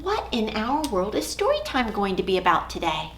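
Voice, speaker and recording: A woman children's librarian leading a storytime for young children, talking in an expressive, sing-song way. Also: medium pitch, a little hiss or hum. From United States. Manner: sing-song, expressive, slow and clear for toddlers. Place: library or home room.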